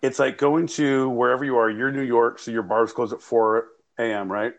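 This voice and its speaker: A man with a gravelly, creaky voice talks through a loose podcast conversation. He rambles, swears freely and laughs at his own jokes as he goes. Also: mid-range voice, steady tone, normal speed. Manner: rambling, profane, jokey, laughs often. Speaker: podcast co-host. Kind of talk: casual podcast banter. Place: home studio, recorded remotely via live app.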